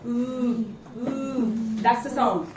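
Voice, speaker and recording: A woman's voice: a little high, steady tone, background noise. A woman with an Indian English accent teaching phonics in a classroom, drawing out each letter sound and prompting the class to repeat. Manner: slow, drawn-out sound demonstrations with call-and-response prompts. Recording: echoey classroom, mic far off. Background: children repeating in chorus.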